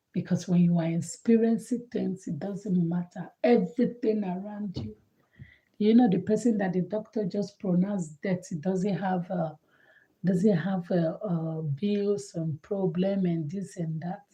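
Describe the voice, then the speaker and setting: A woman's voice: medium pitch, mellow, rough recording. A woman giving a motivational monologue, earnest and emphatic, who keeps repeating her key points. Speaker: motivational speaker.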